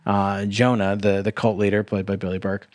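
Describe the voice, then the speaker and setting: A man's voice: on the low side, little pitch movement, moderate pace, darkish tone, no room sound, clean studio sound. A young man co-hosting a podcast, chatting casually through a movie review, rambling with lots of filler words, cursing and laughing often. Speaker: podcast co-host.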